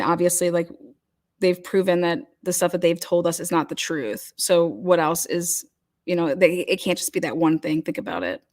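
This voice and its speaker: A woman's voice: fairly low pitch, a little mellow. A woman hosting a casual livestream chat, talking loosely with many fillers and restarts as she reads comments. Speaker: host.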